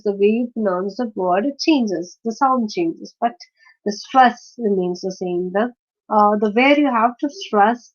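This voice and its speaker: A woman teaching a lesson, explaining step by step and often checking with "right?" along the way. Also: mid-range voice. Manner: explains step by step with many fillers and checking questions. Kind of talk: online lesson on word stress. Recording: dull lo-fi recording.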